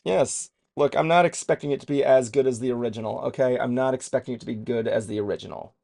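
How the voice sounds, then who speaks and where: Gravelly rambling man chatting casually. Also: medium pitch, steady tone, quick pace, darkish tone. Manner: rambling, self-deprecating, swears freely. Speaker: co-host of a trailer reaction show. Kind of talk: casual chat.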